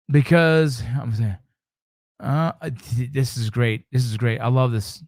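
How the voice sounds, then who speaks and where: A man's voice: medium pitch, unhurried, darkish tone, dry recording. Emphatic man talking in a dry room. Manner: emphatic, repetitive, swears casually. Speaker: show host. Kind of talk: casual livestream chat.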